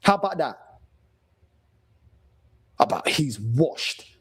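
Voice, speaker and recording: With poor audio, a man in his thirties with a London accent hosts a fan call-in show, swearing through an angry rant that mocks other fans. He speaks slowly in a highish, fairly bright, slightly rough voice with big pitch swings.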